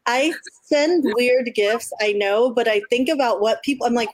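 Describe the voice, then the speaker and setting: A woman co-hosting a podcast in casual chat, effusive and quick to laugh, swearing freely. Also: fairly high pitch, no room sound. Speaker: podcast co-host.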